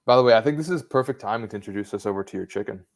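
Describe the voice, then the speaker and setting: A man's voice: on the low side, very fast. Teasing male co-host reading challenges. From Italy. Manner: teasing, laughs between lines. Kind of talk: casual live-stream banter.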